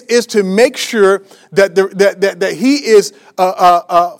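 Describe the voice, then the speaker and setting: A man with a notably high voice preaches to his congregation as their pastor. He is emphatic and repetitive, full of restarts and fillers, and keeps asking the church rhetorical questions. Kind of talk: sermon.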